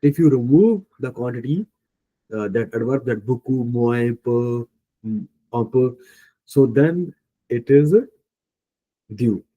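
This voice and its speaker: Slow-speaking Indian-accented male teacher. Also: medium pitch, lively intonation, dark tone, highs cut off. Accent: Indian English. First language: Punjabi. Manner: slow, patient, thinking aloud with many fillers; self-correcting mid-sentence. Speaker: French teacher. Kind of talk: online class teaching.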